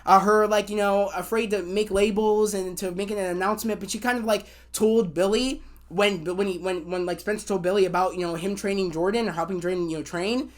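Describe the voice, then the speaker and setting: Her voice is medium-pitched and fairly quick, with hardly any pauses, as she rants about a TV episode and its spoilers. She gets excited, performs the quotes, trips over fillers and restarts, and curses when something bugs her.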